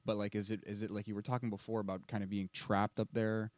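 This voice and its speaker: Fast-talking low-voiced man joking around. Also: flat delivery, a little mellow, no room sound. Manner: joking, quick asides. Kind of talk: casual chat.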